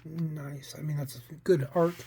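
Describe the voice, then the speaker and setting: A man's voice: on the high side, fairly even intonation, takes it slowly, dark tone, a little hiss or hum. A man hosting a casual comic book read-through, rambling with many fillers and restarts. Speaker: comic book channel host.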